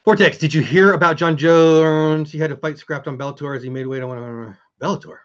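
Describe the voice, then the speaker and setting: A man's voice: fairly high pitch, fairly even intonation, a little fast, a bit bright, highs cut off. A man hosting a casual live stream, chatting with viewers and answering chat as he goes.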